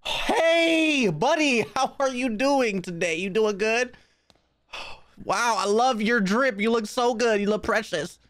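A man's voice: very high voice, lively intonation, measured pace, a bit bright, pitched above the performer's own voice, full character voice. A man putting on an overly sweet, sing-song customer-service voice with exaggerated politeness. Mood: sugary polite. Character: sugary overpolite high-voiced man, fake customer-service cheer.

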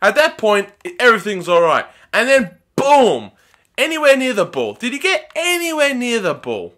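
A young man giving excitable, often shouted commentary while playing a football video game. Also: extremely high pitch, moderate pace. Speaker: gaming YouTuber.

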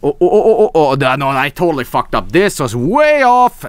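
A young man with a Swedish accent streaming a geography guessing game, thinking aloud, swearing and breaking into excited yelps. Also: on the high side, normal speed, clean tone, dry recording. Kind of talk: casual gameplay commentary.

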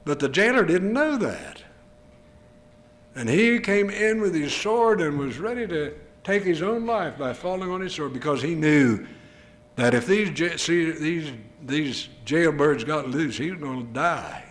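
Older male preacher, earnest pulpit delivery, slightly high voice, rhetorical questions. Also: expressive, unhurried. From United States. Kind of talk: sermon.

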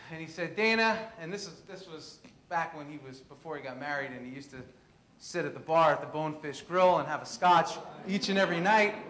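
A man in his thirties from Queens, giving an animated storytelling presentation. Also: high-pitched. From Queens, New York. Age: 30s. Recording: echoey room.

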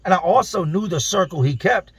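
A slightly high-pitched man with a gravelly, husky edge tells prison stories in loose street slang. He slips into the other people's voices as he recounts what they said. The sound is close and dry, with no room around it. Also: animated, brisk, a bit bright, no echo. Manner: streetwise slang, acts out quoted dialogue. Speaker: vlogger telling prison stories. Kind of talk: casual storytelling.

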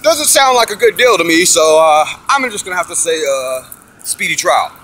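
Speaking at normal speed in a higher voice, with slight background noise, a man casually tells of his own court case. Profane and animated, he acts out others' quotes, swears often, and preaches about faith.

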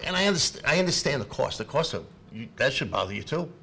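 A middle-aged man, speaking up as a parent at a public meeting, halting and repeating himself, then rising to shouting. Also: medium pitch, sing-song, gravelly, a loud crowd, heavy background noise. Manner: impassioned, halting, repeats words, swings from quiet to shouting. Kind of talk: emotional unscripted public comment.

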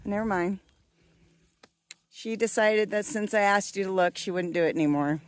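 A woman's voice: medium pitch, normal speed, pauses often. A woman on her farm talking playfully to her goats in affectionate baby talk. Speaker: farm vlogger. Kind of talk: casual chat with farm animals. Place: outdoors on a small farm.

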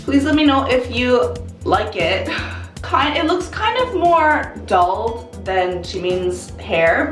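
Young woman, casual vlog chat, gushing and bubbly, lively voice, soft music underneath. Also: mid-range voice, far from the mic. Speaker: vlogger. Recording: roomy, off-mic, music behind.

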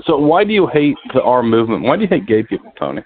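A man's voice: mid-range voice, big pitch swings, fast, slight background noise. Needling male caller on a phone line. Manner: needling, accusing, keeps interrupting. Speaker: prank caller. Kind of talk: call-in heckling. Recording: tinny dry phone line.

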